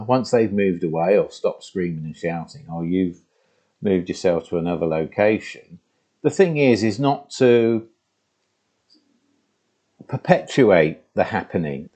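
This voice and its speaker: A spiritual teacher from England gives a reflective monologue to his laptop's microphone in a room at home with the door open. His voice is fairly low with a darkish tone. He speaks haltingly and conversationally, restarting often and saying "you know" a lot.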